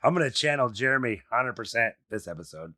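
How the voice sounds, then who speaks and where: A man co-hosting a podcast in casual chat, animated and swearing freely as he rants. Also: medium pitch, fast, dry recording, studio quality. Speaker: podcast co-host.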